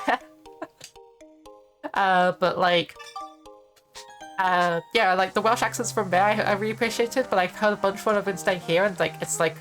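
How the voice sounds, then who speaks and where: A woman's voice: medium pitch, fairly bright tone. Rambling woman streaming a game. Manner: rambling, many fillers and laughs. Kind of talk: casual gaming stream chat. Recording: faint music behind voice.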